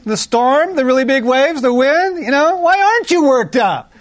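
A man voicing a panicky disciple caught in a storm, with a high, rising, exasperated delivery. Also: expressive, normal speed. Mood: panicked.

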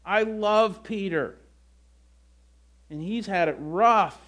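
A man preaching a sermon, retelling scripture in a conversational, animated way. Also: high-pitched, slow pace. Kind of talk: sermon, storytelling.

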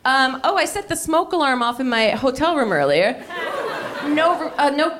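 A woman's voice: sits high, sing-song, moderate pace, a crowd in the background, background noise. A woman co-hosting a comedy podcast live on stage, telling rambling stories and laughing often. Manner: giggly, rambling storyteller. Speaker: podcast co-host. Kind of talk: casual comedic chat before a live audience.

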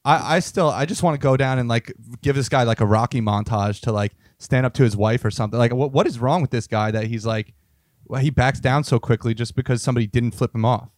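A man's voice: mid-range voice, quick pace, dry recording, clean studio sound. A young man co-hosting a podcast, arguing and riffing crudely in casual comedic chat. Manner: crude, argumentative, acts out mocking voices. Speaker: podcast co-host.

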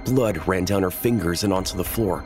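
A man with a low, deep voice reads a scary first-person tale in a measured, tense way. Soft music plays quietly under his narration. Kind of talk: scripted horror narration.

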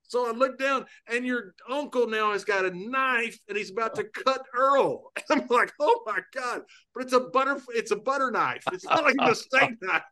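Man, high pitch, bright tone, laughing storyteller, casual. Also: normal speed, hardly any pauses. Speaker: podcast co-host.

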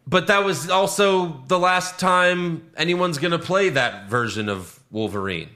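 A man in casual movie-review chat, ranting with swearing, his voice jumping high when he gets outraged. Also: lively intonation, a little slow, pushed and bright. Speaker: podcast co-host.

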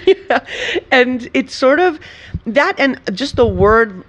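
Animated laughing woman from Venezuela. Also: high-pitched, slow pace. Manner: animated, laughing, many restarts. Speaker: comedian guest. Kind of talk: casual interview chat.

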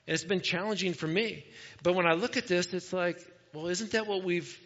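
Folksy pastor with a higher voice. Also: male voice, moderate pace, fairly bright tone. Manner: conversational, folksy, with frequent restarts. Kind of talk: sermon. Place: church sanctuary. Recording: dull sound with long reverb in a large room.

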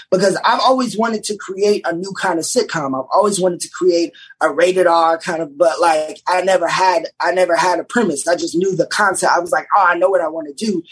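A man, a TV writer, telling stories on a podcast in an animated, rambling way with many restarts. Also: high voice, husky, rough recording. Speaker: TV writer guest. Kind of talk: casual podcast chat.

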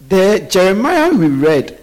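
A man preaching a sermon, often pausing so the congregation can finish his sentences. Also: high voice, sing-song, a little mellow. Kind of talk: sermon with call-and-response.

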